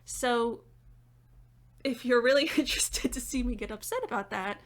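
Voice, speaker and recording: A young woman talking through a theater review in a chatty, animated way, often laughing between points. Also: fairly high pitch, moderate pace. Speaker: theater critic and dramaturg. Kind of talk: casual video review. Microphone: reading notes off-camera.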